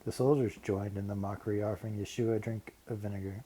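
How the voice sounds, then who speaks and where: A man narrating a Bible passage in a measured, steady reading. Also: on the low side, breathy edge, low-quality recording. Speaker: Bible reader. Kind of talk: scripted narration.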